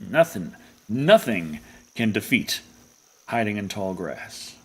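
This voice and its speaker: A man's voice: on the low side, very animated, takes it slowly, breathy edge. A young adult man streaming a hunting game, rambling and jokey in casual commentary.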